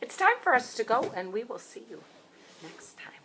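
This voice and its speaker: A woman's voice: fairly high pitch, big pitch swings, normal speed, background noise. A woman teaching a children's phonics lesson as a preschool teacher, cheerful and encouraging as she speaks to young children.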